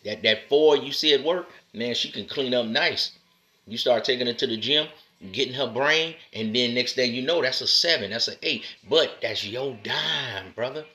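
A man giving a preachy monologue to other men. He talks in a street style, keeps calling the listener "man" and "brother," and moves between loud, punchy lines and low, drawn-out asides. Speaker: motivational speaker addressing men. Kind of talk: preachy direct-to-camera monologue.

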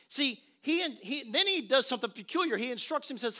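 A man preaching a sermon as pastor, emphatic, swinging from quiet asides to loud exclamations. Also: very high voice, animated, fairly quick, few pauses.

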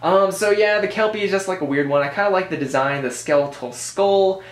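An American board game reviewer delivers casual commentary in a high, fairly quick voice. He rambles, tosses in joking asides, and corrects himself often, all in a recording with roomy echo.

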